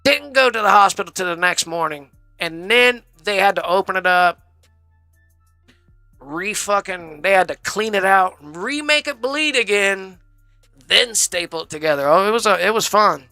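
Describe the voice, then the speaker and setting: A man's voice: high voice, expressive, moderate pace, sharp tone, no echo, soft background music. A man rambling through a casual, profane story on a live stream, saying "bro" constantly.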